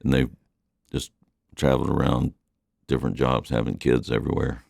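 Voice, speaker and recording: A man's voice: a bass voice, little pitch movement, moderate pace, vocal fry, a little mellow, no echo, studio quality. A middle-aged man with a mixed, hard-to-place accent, a musician chatting in an interview in a rambling, laid-back way. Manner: rambling, laid-back, lots of "you know". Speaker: musician guest. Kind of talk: casual interview chat.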